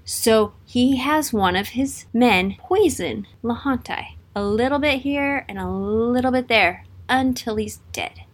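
A woman casually retelling an old story in a playful, lively way. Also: on the high side, a little slow, hardly any pauses.

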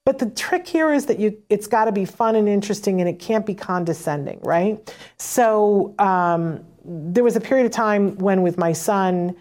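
A woman walks parents through teaching techniques in a relaxed, conversational way. She keeps checking in with "right?" and briefly acts out both sides of short exchanges in a livelier voice before going back to her explanation. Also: mid-range voice, normal speed. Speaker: parent educator on autism teaching. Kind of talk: casual instructional talk.

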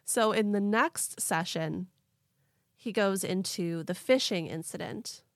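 An animated young woman hosts a podcast, telling a story in loose, casual chat peppered with "like". Her voice is close and dry, with no room sound, and her pitch sits in a middle range. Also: slow, no room sound. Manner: animated, laughing, lots of "like". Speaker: podcast host.

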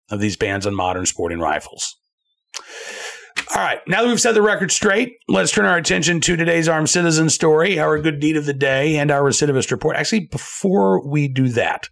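A man's voice: mid-range voice, a bit bright. A man hosting a commentary show, delivering an opinionated, sarcastic monologue with frequent "uh" fillers. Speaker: show host.

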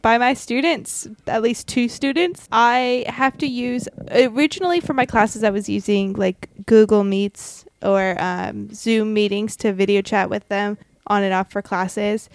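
A woman's voice: mid-range voice, unhurried, hardly any pauses, dry recording. Dry-voiced woman teacher telling stories. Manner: laughs while telling stories. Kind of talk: casual storytelling chat.

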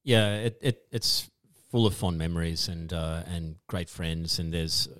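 An Australian man, a podcast guest, telling his story in a modest, halting way with many restarts. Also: deep voice, fairly bright tone, dry recording, studio quality. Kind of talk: casual interview chat.

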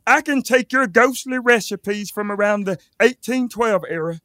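A flustered, eager man improvising a scene with a high voice. He stammers and restarts often. His tone is bright, and the sound is dry and close. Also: normal speed, no room sound. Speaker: improv performer, restaurant worker.

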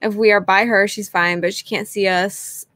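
A woman's voice: mid-range voice, fairly even intonation, normal speed, a bit bright, no room sound. A woman co-hosting a live show, reading out viewer questions and adding dry quips. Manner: reads questions aloud, laughs along, dry quips. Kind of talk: casual live Q&A.

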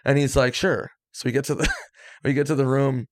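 Male comedian guest spinning anecdotes, animated quoting, dry studio sound. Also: mid-range voice, brisk, no room sound. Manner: animated storyteller acting out quotes. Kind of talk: casual storytelling.

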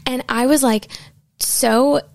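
A woman's voice: sits high, steady tone, slow pace, gravelly, darkish tone, no echo, clean studio sound. A woman singer-songwriter casually telling stories in a chatty way, with lots of fillers. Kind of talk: casual storytelling.

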